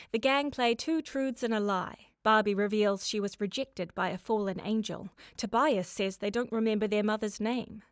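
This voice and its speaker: A woman reading a steady, matter-of-fact scripted recap. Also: medium pitch, no room sound, clean studio sound. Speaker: recap narrator. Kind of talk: scripted narration.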